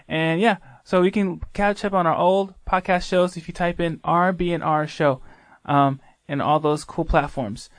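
A man's voice: high voice, no echo. A man co-hosting a casual radio show, rambling and self-deprecating, sounding far from his mic. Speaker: radio co-host. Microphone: distant from mic.

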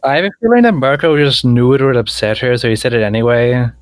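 A man's voice: medium pitch, fast talker, no echo. Musing man in a dry room. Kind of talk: casual discussion.

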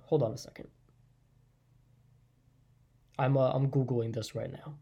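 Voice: mid-range voice, fairly even intonation, a little slow, creaky, mellow, breathy edge, muffled recording. A podcast host talking alone in a casual monologue, thinking aloud with hedges, restarts and a stream of fillers. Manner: rambling, hesitant, frequent restarts and fillers; thinks aloud, hedging and musing.

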